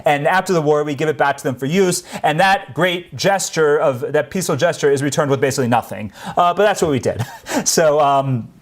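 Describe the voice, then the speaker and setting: Earnest man telling history, slightly high voice. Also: brisk. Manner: earnest storytelling, grows emphatic on key points. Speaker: history presenter. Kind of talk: unscripted history talk.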